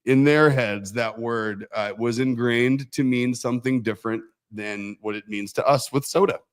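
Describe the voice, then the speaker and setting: A man co-hosting a casual livestream, telling a rambling story with animated voices. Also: medium pitch, normal speed. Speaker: co-host.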